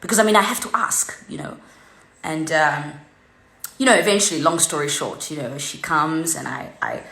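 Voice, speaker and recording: Vlogger: woman, animated swearing storyteller, echoey room. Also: fairly low pitch, brisk. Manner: animated, heavily profane, tells a story with many fillers. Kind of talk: unscripted ranting anecdote. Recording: roomy echo.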